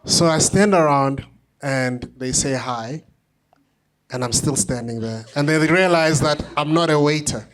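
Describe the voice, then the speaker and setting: A middle-aged man, an author and conductor, telling an anecdote at a book talk with lively, self-deprecating humor. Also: on the high side, a little slow. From South Africa. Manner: animated anecdotal storytelling with self-deprecating laughs.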